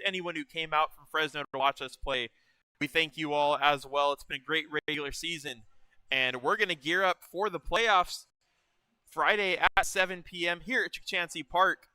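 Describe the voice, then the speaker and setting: A man calling a postgame wrap-up from the ballpark in a bright, forceful voice. His speech is clear and smooth, and the sound is dry and close. He is upbeat and thankful as he signs off. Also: a little high, no echo, rough recording. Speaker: broadcaster for a summer baseball team. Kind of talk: postgame broadcast interview and sign-off.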